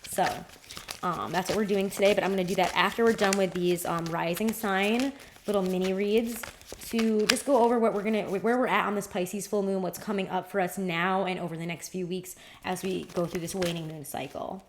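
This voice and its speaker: A woman's voice: medium pitch, steady tone, a little fast, a little hiss or hum. A woman giving a casual livestream tarot reading, chatty and rambling, with casual swearing.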